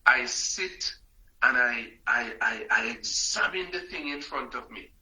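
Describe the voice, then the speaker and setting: A man's voice: mid-range voice, expressive, unhurried, bright, forceful tone, low-quality recording. A man hosting a motivational live stream, emphatic and repetitive, calling out viewers by name.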